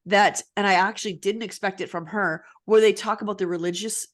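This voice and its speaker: A woman in her thirties co-hosting a casual podcast chat. She talks in a relaxed, chatty way and laughs often. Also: medium pitch, fairly quick. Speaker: podcast co-host.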